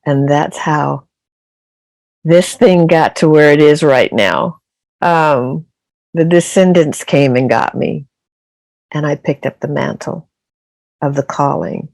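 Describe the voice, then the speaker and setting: A woman's voice: low-pitched, slow pace, creaky, pauses often, darkish tone, no echo. An older woman, a podcast guest, telling her story with emphatic, repeated phrases. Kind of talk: casual interview storytelling.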